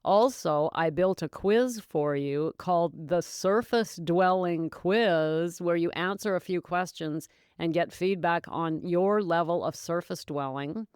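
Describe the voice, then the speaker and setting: A woman's voice: fairly low pitch, slow, smooth, no room sound, clean studio sound. Chatty woman hosting a sobriety podcast. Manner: warm, chatty, encouraging, laughs often. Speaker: podcast host and sobriety coach. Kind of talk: casual solo podcast talk.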